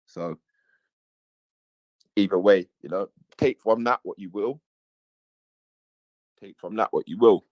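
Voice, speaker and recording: A man's voice: lowish voice, slow, pauses often, darkish tone, no room sound, low-quality recording. A man hosting a casual livestream, reading viewers' messages aloud and repeating his own phrases. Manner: reads chat aloud, repeats himself, chuckles. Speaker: livestream host.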